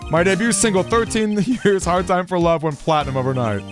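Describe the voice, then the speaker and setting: A man's voice: high-pitched, lively intonation, fairly quick. A man reading a cocky young male rock-star prosecutor in a swaggering, laid-back way, with game music under him.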